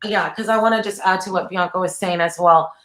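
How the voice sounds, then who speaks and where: A woman's voice: lowish voice, steady tone, fairly quick, fairly bright tone. A woman on a political webcast panel, making indignant, pointed remarks. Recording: echoey room.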